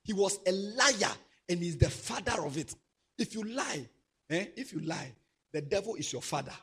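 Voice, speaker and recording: Man, high husky voice, animated preacher exhorting youth. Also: moderate pace. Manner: animated, swings from soft asides to loud exhortation. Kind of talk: sermon to young people.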